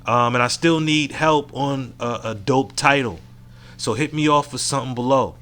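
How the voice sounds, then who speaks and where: A man's voice: mid-range voice, normal speed, fairly bright tone. A man hosting his own podcast alone, talking in a frank, profane and reflective way into a mic at home. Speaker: podcast host. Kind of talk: casual solo podcast monologue.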